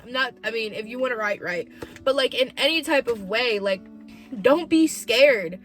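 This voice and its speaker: A woman's voice: a little high, animated, normal speed, a bit bright, faint music behind. A young woman hosting her own vlog, talking candidly and emotionally about her life, with lots of "like". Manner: emotional, candid, heavy use of "like". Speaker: podcast host. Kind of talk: personal confessional vlog.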